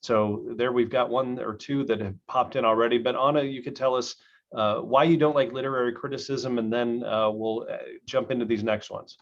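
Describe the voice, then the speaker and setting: A man moderating an online discussion, relaxed and measured, with a few light fillers. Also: mid-range voice, dull audio.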